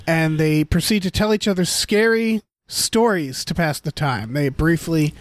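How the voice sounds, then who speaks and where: A man co-hosting a podcast, chatting casually about a film with halting fillers. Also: on the high side, lively intonation, dry recording, clean studio sound. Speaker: podcast co-host. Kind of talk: casual chat.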